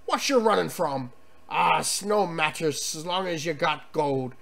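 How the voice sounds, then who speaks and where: A man voicing a drunken, gruff old pirate captain in a slurred sea-dog drawl while reading a retro computer game aloud. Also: on the high side, a little slow, fairly bright tone, voice pushed down.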